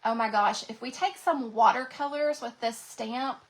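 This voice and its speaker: A woman's voice: on the high side, normal speed, poor audio. A woman hosting a craft livestream, chatting and gushing to viewers, her voice cracking from a sinus infection. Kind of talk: casual livestream chat to viewers.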